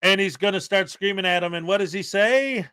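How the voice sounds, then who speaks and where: Bright-toned, higher-voiced male co-host. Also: a little fast, clear, resonant tone, no echo. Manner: conversational, explaining, opinionated. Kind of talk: casual commentary chat.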